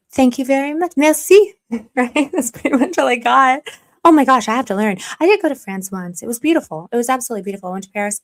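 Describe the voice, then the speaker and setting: A young woman hosting a casual live stream, chatting freely, reading comments and teasing her viewers with mock stern warnings. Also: fairly high pitch. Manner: chatty and self-deprecating, reads chat aloud, slips into mock stern warnings. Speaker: livestream commentary host.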